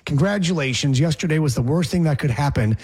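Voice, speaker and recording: A man's voice: a little high, animated, quick pace, a little mellow, slightly rough. A man hosting a sports talk show, chatting casually with rambling, sarcastic asides.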